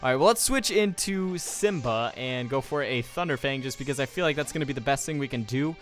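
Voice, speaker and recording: A man's voice: mid-range voice, lively intonation, fairly quick, a bit bright. A young man casually commenting on his gameplay, rambling and joking as he goes. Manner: rambling, joking, reads game text aloud. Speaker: let's play commentator. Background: faint game music.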